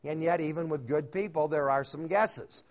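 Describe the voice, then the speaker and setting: A man's voice: a little high, normal speed. Folksy male Bible conference preacher. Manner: folksy, with frequent "uh" fillers and humorous asides. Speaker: conference speaker. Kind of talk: sermon-style Bible teaching. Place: hotel conference room.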